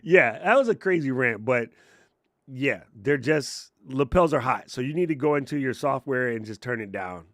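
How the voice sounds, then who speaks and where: A man's voice: medium pitch, lively intonation, normal speed, fairly bright tone, no room sound, clean studio sound. A man giving casual tech tips on a stream, ranting and sarcastic, then muttering along as he works his computer. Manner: ranting, sarcastic, jokey, puts on mocking voices; laid-back and muttering while working the computer. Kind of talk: casual livestream tutorial. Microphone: lapel mic on chest.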